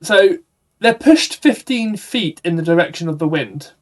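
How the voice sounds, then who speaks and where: Slow, high-voiced man at the game table. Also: lively intonation. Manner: deliberate, thinks aloud with pauses. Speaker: player. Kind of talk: casual tabletop game play.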